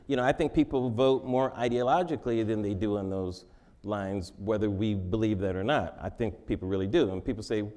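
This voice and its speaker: A man's voice: lowish voice, a little fast, warm tone. A man answering interview questions in a joking, conversational way, laughing often. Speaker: interview guest.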